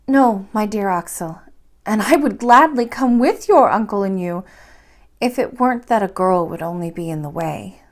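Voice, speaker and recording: A woman voicing a gentle but brave young woman who speaks softly and sweetly. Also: medium pitch, moderate pace, natural voice. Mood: earnest. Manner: soft, sweet and steady.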